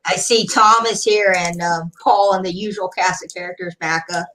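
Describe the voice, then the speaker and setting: A woman's voice: on the low side, steady tone, moderate pace, sharp tone, rough recording. A woman in a casual group chat with friends, chatty and enthusiastic.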